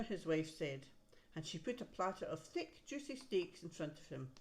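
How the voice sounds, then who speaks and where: A woman reads a picture book aloud to a child in a low voice. She stops now and then to point out the pictures on the page. The reading is gentle and easy to follow. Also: very animated, normal speed. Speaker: reader to a child. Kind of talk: storybook read-aloud.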